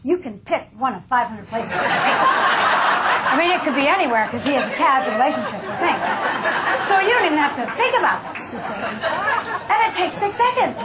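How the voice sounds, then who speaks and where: High-voiced woman giving a comic keynote. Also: big pitch swings, moderate pace, echoey room, over a noisy crowd, heavy background noise. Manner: comic, acts out quoted voices. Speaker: keynote speaker. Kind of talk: humorous keynote talk.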